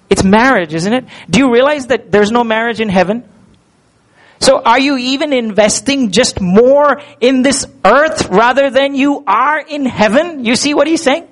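A male pastor delivering a sermon, animated and full of rhetorical questions. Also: high-pitched, poor audio.

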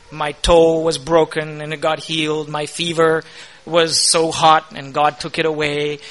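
A man preaching a sermon, emphatic and questioning, swinging from quiet asides to loud declarations. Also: on the high side, poor audio. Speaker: pastor.

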